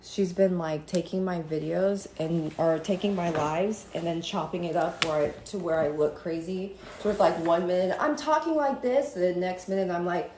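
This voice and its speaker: A woman chatting on a live stream from home in a gossipy, animated way, now and then drifting into sing-song lines. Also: fairly low pitch, moderate pace, few pauses, slight background noise. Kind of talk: rambling casual live-stream chat. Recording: roomy echo with faint ambience.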